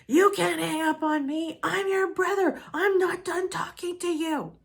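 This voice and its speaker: A woman voicing her angry adult brother, who is yelling at her in outrage. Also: very high voice, steady tone, measured pace, gravelly, voice pushed up, full character voice.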